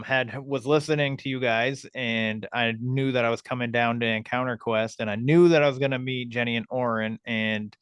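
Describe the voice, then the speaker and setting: A man's voice: mid-range voice, a bit bright, smooth, no echo, studio quality. A man hosting a podcast, chatting casually in a rambling way with lots of hesitations. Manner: rambling, with many ums and uhs. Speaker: podcast host. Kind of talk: casual chat.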